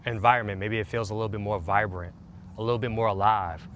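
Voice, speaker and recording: Man, relaxation instructor, calm soothing delivery, slightly low voice, faint background noise. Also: quick pace.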